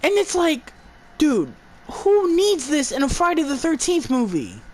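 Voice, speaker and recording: A woman's voice: sits high, wildly swooping pitch, a little slow. A woman giving an exasperated, profane movie review, stumbling and restarting her words as she rants.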